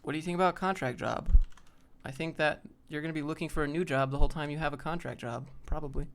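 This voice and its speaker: A man's voice: on the high side, quick pace, fairly bright tone. A young man hosting a casual live stream, thinking aloud as he browses job listings and answers viewers.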